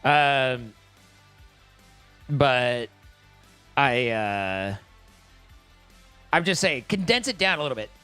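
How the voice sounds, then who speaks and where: A man's voice: mid-range voice, lively intonation, slow pace, long pauses, bright, forceful tone, clear, resonant tone, faint music behind. A man streaming live, chatting casually and rambling with many restarts and swear words for emphasis. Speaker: livestreamer.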